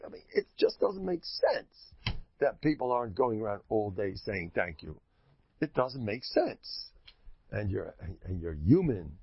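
A man's voice: mid-range voice, gravelly, a little hiss or hum. A man giving a sermon as a religious speaker, emphatic and joking in a preachy way. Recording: lo-fi dull recording.

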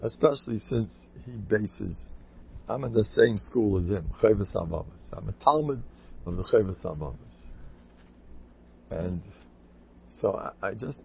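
An older man giving an informal, rambling Torah talk full of stories, repeating himself and breaking into loud, high-pitched exhortations. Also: animated, normal speed, creaky, pauses often, breathy edge. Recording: dull lo-fi recording.

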